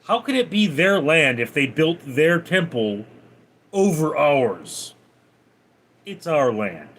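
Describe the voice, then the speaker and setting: Male streamer, slightly high voice, reads chat out and answers casually and slowly. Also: very animated, a bit bright. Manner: reads viewer names and comments aloud, then replies offhand. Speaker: livestreamer. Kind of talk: reading out and answering live chat.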